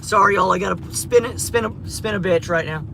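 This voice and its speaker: A man's voice: sits high, fairly quick, pushed and bright. A man chatting casually and profanely to his stream viewers while driving his car in a city. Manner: chatty, profane, rambling asides. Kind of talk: casual livestream chat. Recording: clear car and road noise. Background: road and traffic noise.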